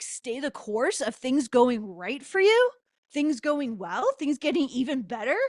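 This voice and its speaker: Her voice high and the recording free of echo, a woman who teaches spirituality prays aloud with passion and fervor, loud into a close microphone, cursing to drive her points home.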